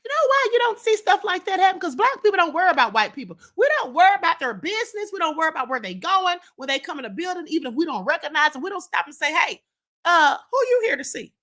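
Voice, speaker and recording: High, lively, bright-voiced woman host. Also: rapid-fire, hardly any pauses. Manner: blunt, emphatic, repeats points for effect; addresses the chat directly. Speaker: livestream show host. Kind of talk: opinionated live-stream commentary.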